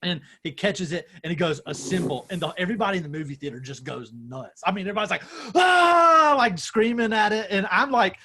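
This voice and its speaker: A young adult man, a pastor, telling a story with growing excitement in casual chat on a video call. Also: high voice, quick pace, hardly any pauses, breathy edge. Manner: excited storytelling, self-described nerd.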